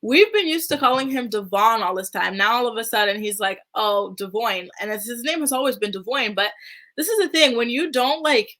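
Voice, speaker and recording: A woman's voice: a little high, lively intonation, brisk, fairly bright tone. A woman hosting a reality TV recap, chatting casually in a sassy way and saying "like" a lot. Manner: sassy, chatty, heavy use of "like". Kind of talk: casual commentary.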